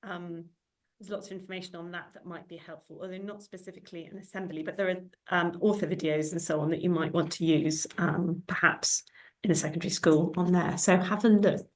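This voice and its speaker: A woman hosting an online webinar on a video call, polite and soft-spoken. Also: on the low side, steady tone, fairly quick. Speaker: webinar host.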